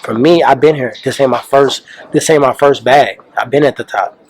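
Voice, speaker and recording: A calm, unhurried man answers questions at a press conference. His talk is casual and full of slang, with a medium-pitched voice. He sounds laid-back and steady. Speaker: fighter.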